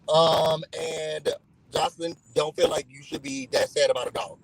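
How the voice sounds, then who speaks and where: A man's voice: fairly high pitch, moderate pace, gravelly, low-quality recording. A man casually recapping a reality show for his channel, telling it animatedly and acting out what people said. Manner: animated storytelling, acting out quotes in other voices.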